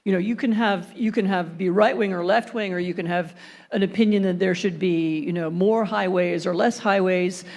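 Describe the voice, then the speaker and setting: Woman panelist, measured analytical talk, careful restarts. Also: fairly low pitch, fairly even intonation, darkish tone. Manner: thoughtful, hesitant restarts, then fluent argument. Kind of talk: panel discussion.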